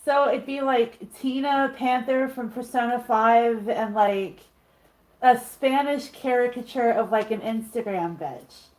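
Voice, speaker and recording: A woman's voice: a little high, a little slow, rough recording. Female player, casual chatty tone, musing aloud. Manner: chatty, thinking out loud. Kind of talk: casual tabletop play.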